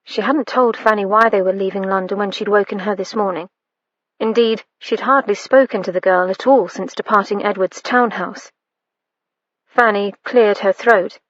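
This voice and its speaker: A woman reading an audiobook in a measured, even storytelling manner. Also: medium pitch, no room sound, muffled recording. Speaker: audiobook narrator. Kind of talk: scripted narration.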